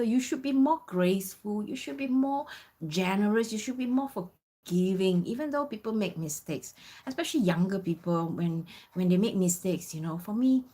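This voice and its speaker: A woman's voice: mid-range voice, darkish tone. A woman in her fifties from Singapore, casually telling a story with many "you know" fillers. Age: 50s. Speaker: vlogger.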